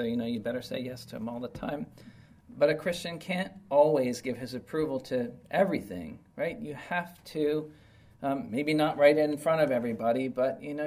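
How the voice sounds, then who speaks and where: A man's voice: medium pitch, darkish tone. Chatty man teaching a Bible lesson. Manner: conversational, checks in often with "right?" and "okay?"; plainspoken, explains verses with everyday examples. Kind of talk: informal Bible study lesson.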